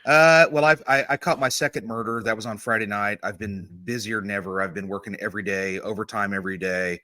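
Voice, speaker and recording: Middle-aged male host, low-pitched, rambling and friendly, greets viewers by name. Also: fairly quick, bright, forceful tone, no room sound. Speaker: homicide detective. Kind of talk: casual live-stream chat.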